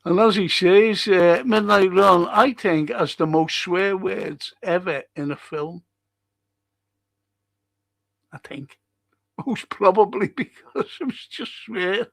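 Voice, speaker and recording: A man's voice: high-pitched, measured pace, vocal fry, hardly any pauses, no room sound. A man hosting a football fan live stream, rambling casually and swearing now and then as he reads out and answers viewer comments. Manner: rambling and chatty, wanders off topic.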